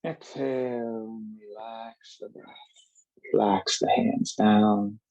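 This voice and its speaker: A man leading a yoga workshop, giving calm, slow guided instructions with drawn-out cues. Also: fairly low pitch, highs cut off.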